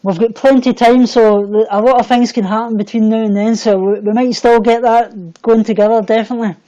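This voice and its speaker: A man's voice: high-pitched, steady tone, a little fast, highs cut off. Scottish man chatting on a livestream. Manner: warm, repeats himself, stumbles on words. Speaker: livestream host. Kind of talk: casual livestream chat. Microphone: computer mic on a livestream.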